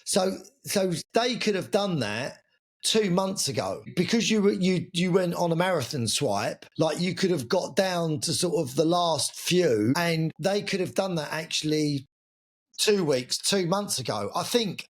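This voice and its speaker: Chatty man with a slightly high voice. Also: expressive, unhurried. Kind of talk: casual group chat.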